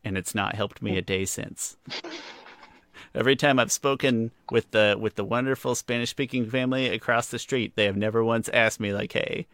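A man's voice: mid-range voice, fairly even intonation, normal speed, a bit bright, no echo, studio quality. A man co-hosting a casual podcast, joking and playful as he talks. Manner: jokey, playful, laughs often. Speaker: podcast co-host. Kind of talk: casual chat.

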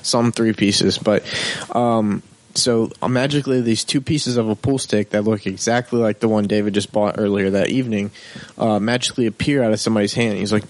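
A man's voice: on the low side, fairly quick. A man telling a rowdy bar story in casual chat, acting out voices, with lots of swearing. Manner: animated, profane, acts out quotes.

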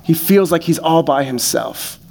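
A man's voice: a little high, lively intonation, unhurried, vocal fry, a little mellow. A man preaching a sermon as a pastor. He speaks in a casual, joking way with many fillers.

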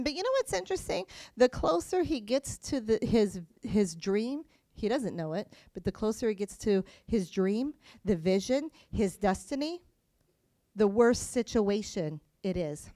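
A woman preaching a sermon. She is animated, acts out voices, and swings between soft and loud. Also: fairly high pitch, unhurried, no echo, studio quality.

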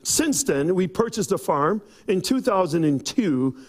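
A man preaching a sermon, telling a personal story with acted-out quotes and rising to shouts. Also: high voice, very animated, a little slow. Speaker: pastor. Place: church.

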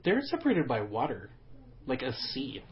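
A man's voice: medium pitch, wildly swooping pitch, normal speed, highs cut off, a crowd in the background. A man co-hosting a podcast in casual banter, wry and sarcastic, with some swearing. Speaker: podcast co-host. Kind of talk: casual chat.

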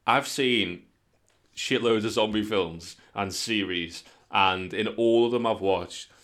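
Sweary lad, lowish voice. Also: male voice, slow, a bit bright. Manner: sweary, jokey, acts out voices in stories. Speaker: podcast co-host. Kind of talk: casual chat.

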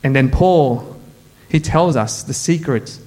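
A pastor preaching a sermon to his church, telling funny personal stories in an animated way. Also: fairly high pitch, slow pace. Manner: animated, humorous storytelling. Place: church in front of a congregation.

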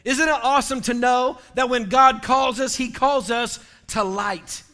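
A man preaching an impassioned sermon as pastor, rising often to shouts. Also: very high voice, steady tone, a little slow, soft background music.

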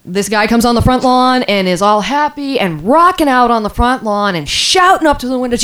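A woman's voice: fairly high pitch, moderate pace, hardly any pauses. Laughing woman telling a story. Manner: animated, acts out quoted people, laughs often. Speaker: podcast co-host. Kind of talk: casual storytelling chat.

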